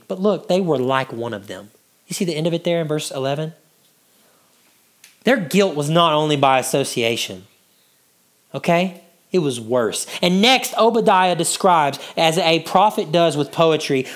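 Animated preacher man teaching scripture. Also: sits high. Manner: teaching, asks the congregation questions; drops to a hushed voice to draw listeners in. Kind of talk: expository sermon.

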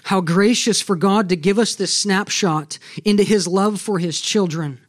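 A man with a high speaking voice delivers a sermon as a pastor. He preaches earnestly and with emphasis, often checking in with his listeners through rhetorical questions. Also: a little slow.

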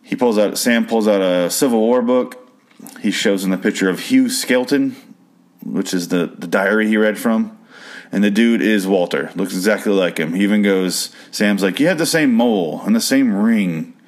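A man's voice: on the low side, normal speed. A man casually recapping a show's episode, profane and incredulous, prone to rambling rants.

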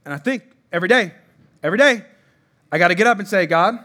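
High-voiced casual male preacher. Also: expressive, quick pace, sharp tone. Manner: conversational, repetitive, asks congregation to respond. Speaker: pastor. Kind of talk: sermon.

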